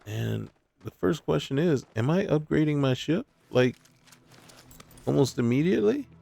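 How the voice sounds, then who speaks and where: A man's voice: fairly high pitch, lively intonation, moderate pace, gravelly, mellow. A man giving casual gameplay commentary, talking to himself and scolding enemies in mock indignation. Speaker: gaming YouTuber.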